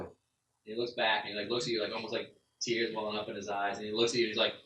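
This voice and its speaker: A man's voice: lowish voice, level tone, very fast, sharp tone, slight background noise. A man narrating a tabletop game as game master, in a loose, rambling way full of fillers. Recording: roomy sound, far from the mic, faint ambience.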